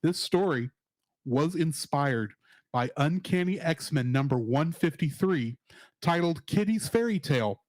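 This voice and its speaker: Guy podcast host, kinda high voice, bouncing all over, jokey, laughs a lot, dry close sound. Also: unhurried, no room sound. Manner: animated, joking, laughs often. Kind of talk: casual review chat.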